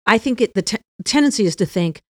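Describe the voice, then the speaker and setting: A woman hosting a faith podcast, speaking in a relaxed, conversational way. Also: on the high side, quick pace, no room sound, studio quality. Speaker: podcast host.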